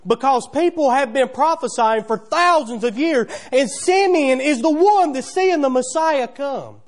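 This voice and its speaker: A man's voice: very high-pitched, measured pace. A man preaching a sermon in a church, telling the story in a folksy way full of wondering questions. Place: church sanctuary.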